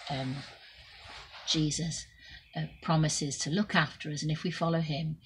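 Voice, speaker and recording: A woman telling a Bible story to children in an expressive way, shifting between loud and soft. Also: deep voice, measured pace, a little hiss or hum, rough recording.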